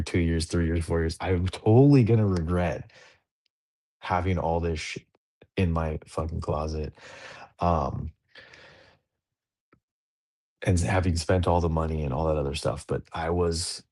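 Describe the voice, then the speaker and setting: Deep-voiced rambling dad host. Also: male voice, darkish tone. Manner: rambling, self-mocking, chatty storytelling. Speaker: podcast host. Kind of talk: casual chat.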